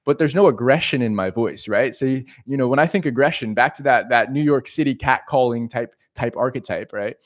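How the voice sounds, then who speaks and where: A man giving an animated, profane casual monologue as a dating coach. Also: medium pitch, brisk, few pauses.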